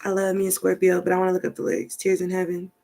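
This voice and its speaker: Flat-voiced chatty woman reading tarot. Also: on the low side, very fast, vocal fry. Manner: rambling, chatty, thinking aloud. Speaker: tarot reader. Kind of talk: casual tarot card reading to camera.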